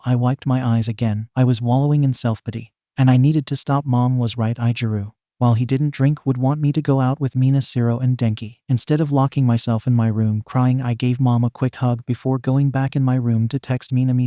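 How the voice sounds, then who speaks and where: A man narrating a first-person fan fiction story in a steady reading delivery. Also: mid-range voice, brisk, few pauses, no echo, clean studio sound.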